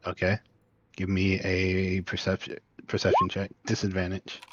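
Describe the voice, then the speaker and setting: A man's voice: sits low, monotone, normal speed, a bit bright, lo-fi sound. A man narrating as game master of a tabletop game, laid-back and rambling.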